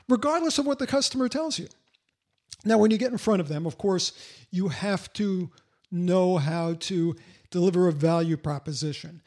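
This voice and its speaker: Blunt older man coaching, high voice. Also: darkish tone. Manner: blunt, emphatic, lecturing. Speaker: sales coach. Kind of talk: podcast monologue.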